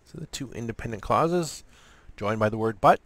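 A man's voice: on the low side, lively intonation, moderate pace, fairly bright tone, no room sound. A man hosting a casual grammar lesson, chatty with self-deprecating asides. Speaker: writing channel host.

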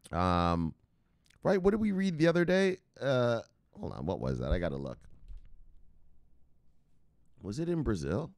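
A brash, profane man talks straight to his viewers in casual solo commentary. His pitch swings all over the place, and he chuckles as he goes. The recording is dry and close, with no room sound. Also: a little mellow, no echo. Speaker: host of a crypto news channel.

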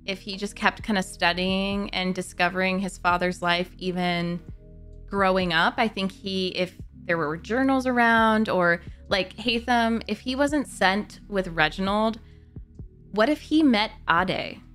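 Slow-talking, gushing woman fan. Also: medium pitch, fairly bright tone, soft background music. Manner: gushing, rambling fan talk with frequent "like" and swearing. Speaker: gaming YouTuber discussing a book. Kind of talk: casual fan chat to camera.

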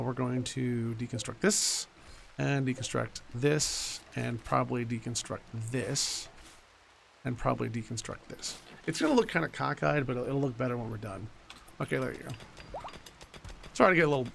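Gravelly-voiced man, forties, let's-play commentator, blunt and profane, faint hiss behind. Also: mid-range voice, fairly bright tone. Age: 40s. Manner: blunt, swears freely, rambling asides. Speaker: gaming YouTuber.

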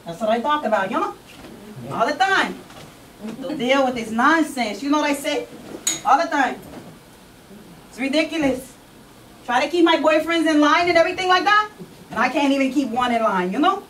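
A brash, streetwise young woman on probation, played by a woman in a one-woman comedy show rattles off her story in slang and keeps asking "you know what I say?". Her voice sits high. The stage mic is set back, with a faint hum of room ambience. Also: fairly bright tone, recorded from a distance, poor audio.

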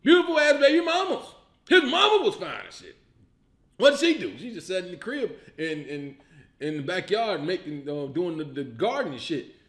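A man with a high-pitched voice rants at full tilt, swearing and laughing in disbelief as he picks a movie apart. He comes from Illinois and hosts his own comedy show. His voice rings around an echoey room. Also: big pitch swings, normal speed. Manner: loud, profane, incredulous ranting with laughs. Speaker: comedian host. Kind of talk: animated comedic movie rant.

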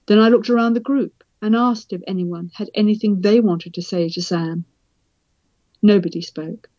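A woman from Britain, an author and psychiatrist, reading from her book in a measured, reflective way. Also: medium pitch, steady tone, mellow, dry recording. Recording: dull, slightly lo-fi sound.

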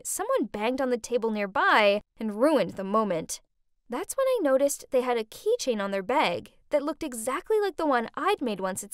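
Brief: woman narrator, high bright pitch, very lively swings, dry close sound, dramatic storybook read. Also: dry recording. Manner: animated, exclamatory, dramatic. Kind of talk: scripted first-person story narration.

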